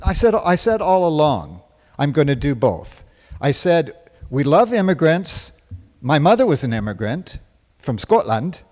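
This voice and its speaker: A man's voice: fairly high pitch, very animated, unhurried, a little mellow. A man playing a boastful, rambling hippie president. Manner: boastful, rambling, self-praising. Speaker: stage performer in a one-man comedy show. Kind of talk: live stage parody monologue with audience questions. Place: stage before a live audience. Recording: long reverb from a live stage.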